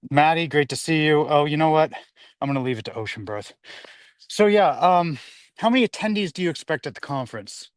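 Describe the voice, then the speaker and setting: A man's voice: fairly high pitch, animated, a little fast, no room sound. A man hosting a casual livestream while walking his dog outdoors. He rambles, reads viewer comments aloud and is slightly out of breath. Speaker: livestream host. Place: outdoors on a hillside street.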